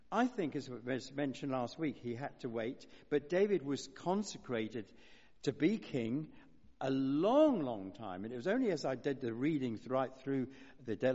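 A man's voice: a little high, a little mellow. A man giving an informal, conversational sermon, rambling through asides and restarts as he goes. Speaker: preacher. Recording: dull lo-fi sound in a reverberant hall.

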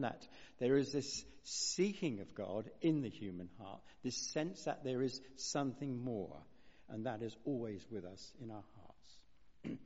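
A man's voice: medium pitch, darkish tone. A man giving an informal, conversational sermon, rambling through asides and restarts as he goes. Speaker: preacher. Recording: dull lo-fi sound in a reverberant hall.

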